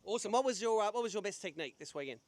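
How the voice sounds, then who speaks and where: A man's voice: high voice, lively intonation, very fast, a little mellow, no echo. A man hosting a live fishing weigh-in, chatty and upbeat with jokey banter. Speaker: tournament weigh-in host. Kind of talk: live event hosting and quick interviews. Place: outdoor weigh-in stage at a sailing club.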